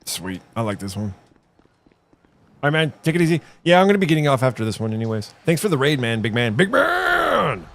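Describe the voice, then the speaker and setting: A man's voice: medium pitch, fast talker. A middle-aged man giving profane, rambling commentary while streaming a video game. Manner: profane, rambling, animated storytelling. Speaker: gaming streamer. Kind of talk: casual live gameplay commentary.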